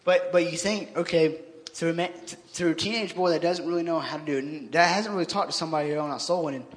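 Guy preaching fast in a church, kinda high voice, lots of echo, keeps restarting words. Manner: earnest, conversational, often restarts words. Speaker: lay church member preaching in the pastor's place. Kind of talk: informal sermon. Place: church sanctuary. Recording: long church-hall reverb.

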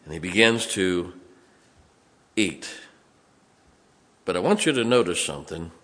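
A man preaching a sermon, dropping to quiet low asides and then rising to loud, emphatic exhortation. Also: lively intonation, a little slow. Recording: long reverb of a large hall.

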